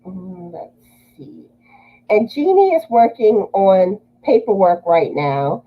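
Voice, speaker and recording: Woman, livestream host, casual, chatty, mid pitch, slightly dull sound. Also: big pitch swings, slow. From Louisiana. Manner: chatty, greets viewers and reads comments aloud. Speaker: livestream host reading viewer comments.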